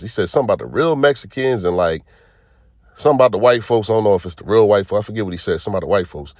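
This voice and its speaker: Deep-voiced man giving casual commentary. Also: lively intonation, very fast, no echo, clean studio sound. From Philadelphia. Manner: conversational, heavy fillers, rhetorical asides. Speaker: channel host.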